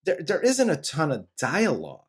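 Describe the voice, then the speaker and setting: A man's voice: a little high, wildly swooping pitch, moderate pace, slightly rough. A man in his forties co-hosting a film review podcast, casual, joking and swearing freely. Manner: profane, joking, laughs often. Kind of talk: casual chat.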